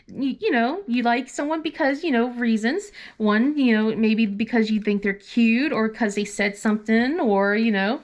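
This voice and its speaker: A woman's voice: fairly high pitch, normal speed, few pauses. A woman vlogger chatting casually while crafting, rambling and laughing often.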